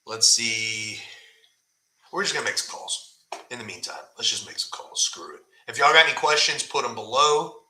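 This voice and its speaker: A man's voice: medium pitch, expressive, normal speed, pushed and bright, reverberant, a little hiss or hum, rough recording. A man hosting a casual live stream, talking bluntly and often tagging "right?" onto his points. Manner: blunt, conversational, fillers like "right?".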